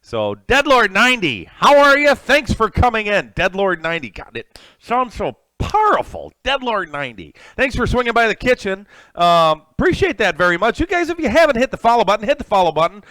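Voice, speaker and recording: A man's voice: high-pitched, sing-song, a little fast, few pauses, pushed and bright, no echo. Guy rambling on a cooking stream, voice jumping up and down a lot, dry close sound. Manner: rambling, chatty, with many fillers and restarts; reads viewer names from chat and thanks them. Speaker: cooking livestream host. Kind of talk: casual live-stream chat.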